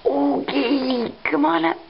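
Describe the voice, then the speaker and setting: A mother talking baby talk to her infant, cooing in a sing-song way and sometimes dropping to a soft whisper, recorded on a home camcorder. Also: high-pitched, takes it slowly, vocal fry, background noise. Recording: dull lo-fi home video sound.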